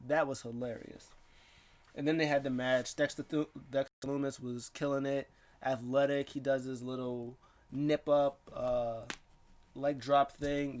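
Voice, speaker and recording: A man giving a casual, rambling rundown of wrestling matches, excitable and quick to put on voices for the people he quotes. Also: medium pitch, slight background noise. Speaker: wrestling recap vlogger.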